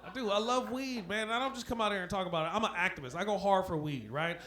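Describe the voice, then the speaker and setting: A man's voice: high voice, quick pace, pushed and bright. A man doing a stand-up comedy set on a club stage, with loose, laughing, punchy banter toward the crowd. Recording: noisy live club recording.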